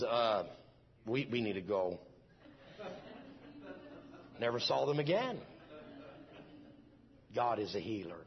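A man's voice: medium pitch, sing-song, slow, long pauses, slightly rough, lo-fi sound. A middle-aged man, preaching a testimony in a folksy storytelling way full of restarts. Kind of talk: sermon testimony.

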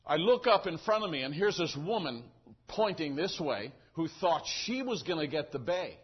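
A male pastor preaching, telling a story with animated acting and gestures. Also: on the high side, normal speed, husky. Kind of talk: sermon with a story. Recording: dull lo-fi recording.

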